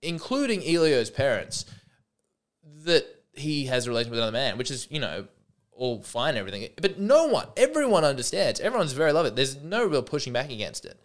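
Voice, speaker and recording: A man's voice: medium pitch, very animated, brisk. A man hosting a comedy podcast, speaking in a mock-earnest, rambling way with frequent restarts. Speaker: podcast host.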